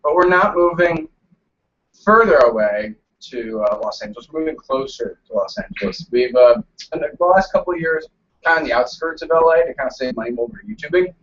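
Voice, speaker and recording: A man cohosts a casual live stream from home, cracking jokes and laughing often. His voice sits slightly high and swings widely. He is a bit distant from the mic, and the audio is dull and lo-fi. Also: expressive, fairly quick, fairly bright tone. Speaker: co-host of a live chat. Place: home room with a fan running.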